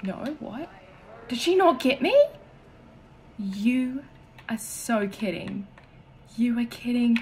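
A woman's voice: on the high side, lively intonation, slow, pauses often, a little mellow, a little hiss or hum. A woman giving nervous horror-game commentary, whispering one moment and shrieking the next. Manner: jumpy, swings from whispers to shrieks. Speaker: gaming streamer.

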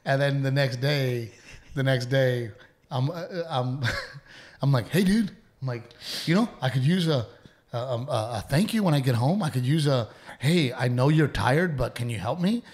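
A man, co-hosting a casual podcast with his wife and telling animated stories, acting out quotes and swearing freely. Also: mid-range voice, moderate pace. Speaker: podcast co-host.

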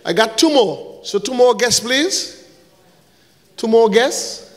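The big-room sound of a church hall surrounds a male pastor whose voice is extremely high-pitched and animated yet slow-paced. Handing out gifts at the service, he preaches while bantering and joking with the congregation, sometimes slipping into short sung lines.

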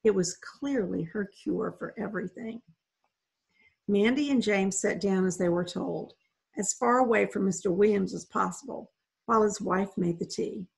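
A woman reading a children's novel aloud in an unhurried, expressive storytelling manner. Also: mid-range voice, vocal fry, breathy edge, rough recording. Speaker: reader.

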